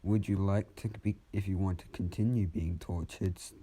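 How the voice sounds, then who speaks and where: A man's voice: sits low, fairly even intonation, normal speed, warm tone, breathy edge. A man voicing a menacing young male heir of the underworld in a fan-made spoken story, cold and taunting. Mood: commanding.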